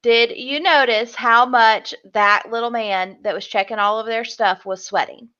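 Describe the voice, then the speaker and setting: A young woman with a slightly high voice, heard through somewhat dull, lo-fi audio. She co-hosts a reality show recap and tells it with animation, slipping into the contestants' voices as she goes. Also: unhurried, clear, resonant tone. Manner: animated storyteller, acts out the contestants' lines. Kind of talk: casual recap chat.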